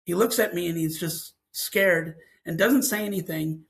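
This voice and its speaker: A man's voice: high-pitched, a little slow, gravelly, a bit bright, low-quality recording. A man, a scientist guest, telling a personal story and acting out the dialogue as he goes.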